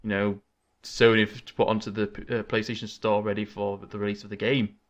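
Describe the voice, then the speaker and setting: A man with a fairly low voice hosts a casual gaming podcast from his desk microphone. He talks in an excitable, chatty way and rambles from one thought to the next. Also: brisk, highs cut off. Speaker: podcast host.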